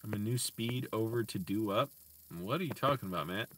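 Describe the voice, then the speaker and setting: A man teaching himself Spanish on a casual stream, slowly sounding out words and correcting himself, with chatty asides to viewers. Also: on the low side, fairly bright tone, distant mic, a little hiss or hum. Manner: slow deliberate sounding-out of words, self-correcting. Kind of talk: casual live-stream language practice.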